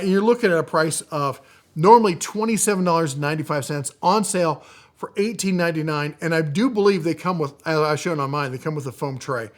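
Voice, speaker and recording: Male tool-deals host, a bit high-pitched, chatty and enthusiastic rundown delivery. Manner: chatty, enthusiastic, many fillers and restarts. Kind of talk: casual product rundown.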